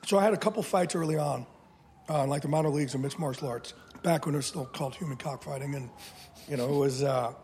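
A man in his fifties, a podcast guest telling stories in a blunt, animated way, often swearing. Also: fairly high pitch, quick pace, slight background noise. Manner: blunt, profane, animated storyteller. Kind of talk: casual interview storytelling.

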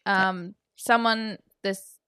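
A woman's voice: mid-range voice, steady tone, very slow, bright, forceful tone, clean tone, no echo, studio quality. A woman co-hosting a podcast, recapping a horror film in chatty, wry casual talk. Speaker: podcast co-host.

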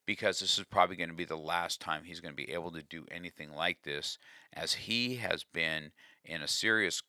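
Deep-voiced man telling a confessional story. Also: a little fast, pushed and bright, no echo, studio quality. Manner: earnest, confessional, with frequent restarts. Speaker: speaker telling a life lesson. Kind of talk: personal storytelling talk.

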